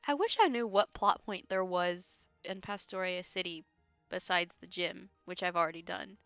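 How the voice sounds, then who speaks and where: A chatty, giggly woman streamer talks through her game. Her voice is bright and a little sharp, very close and dry. The stream audio is slightly dull, with faint music behind her. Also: on the low side, normal speed, clear, resonant tone, no room sound. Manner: chatty, giggly, talks to chat between asides. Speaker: streamer playing a video game. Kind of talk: casual let's-play commentary.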